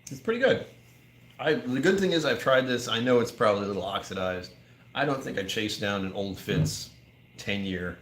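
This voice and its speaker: A man's voice: lowish voice, expressive, moderate pace, fairly bright tone. An American man hosting a whiskey livestream, chatting casually, joking and reading viewer comments. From United States. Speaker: whiskey channel host. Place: whiskey bar, indoors.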